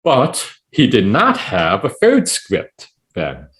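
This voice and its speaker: A man guesting on a podcast as a poet, talking in a rambling, animated way full of "it's like, you know". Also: mid-range voice, slow. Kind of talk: casual podcast chat.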